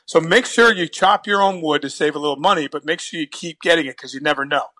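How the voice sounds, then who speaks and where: A man quoting a folksy old businessman who gives plain-spoken advice, sounding bright and a little high. The voice carries an edge and keeps a lecturing tone. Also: fast. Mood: advising.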